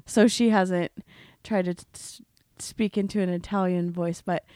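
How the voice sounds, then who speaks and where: A woman's voice: on the low side, steady tone, unhurried, warm tone, smooth, dry recording, clean studio sound. A woman from the United States co-hosting a podcast, giving blunt, wry opinions in casual chat. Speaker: podcast co-host.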